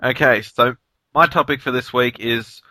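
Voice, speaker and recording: A man's voice: mid-range voice, moderate pace, pushed and bright, low-quality recording. A man with an Australian accent, hosting a casual podcast chat in a mild, laid-back way. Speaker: podcast co-host.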